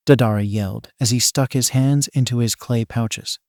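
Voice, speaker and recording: A man reads a fan fiction story aloud in a plain, even voice. His pitch sits in the middle range. The recording is dry and close to the mic. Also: normal speed, dry recording. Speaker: narrator.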